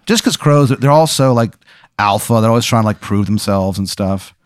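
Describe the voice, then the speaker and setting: A young man with a slightly low voice tells a surreal story off the cuff, rambling and deadpan, full of "like" and "uh". The sound is dry and close. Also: normal speed, dry recording. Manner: rambling, filler-heavy, deadpan. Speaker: podcast co-host telling a story. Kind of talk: improvised absurd storytelling.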